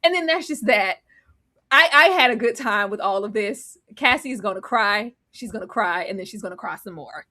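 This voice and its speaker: A woman's voice: medium pitch, animated, normal speed, pushed and bright. A woman hosting a live online recap show, chatting casually, laughing often and retelling scenes with drama.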